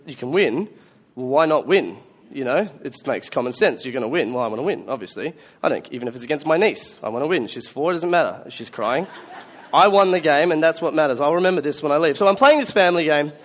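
A man preaching a Christmas sermon, telling stories in a conversational, self-mocking way. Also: fairly high pitch. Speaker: pastor.

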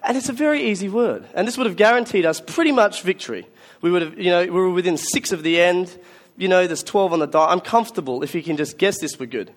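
A man's voice: sits high, fast. A man preaching a Christmas sermon, telling stories in a conversational, self-mocking way. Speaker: pastor.

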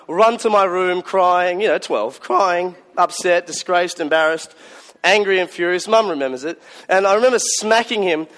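Man, pastor, Christmas sermon, conversational, self-mocking storyteller, slightly high voice. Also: moderate pace, fairly bright tone.

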